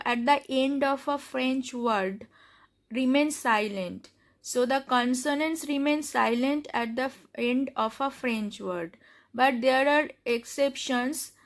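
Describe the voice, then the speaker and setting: A woman with an Indian accent gives a spoken lesson, saying each example word twice. Her voice is high and bright. She talks slowly, with many fillers and restarts. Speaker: French teacher.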